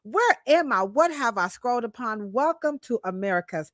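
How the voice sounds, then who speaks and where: A woman's voice: on the high side, animated, moderate pace, no room sound, studio quality. Hyped, playful woman podcast co-host. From Cleveland, Ohio. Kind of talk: lively casual podcast chat.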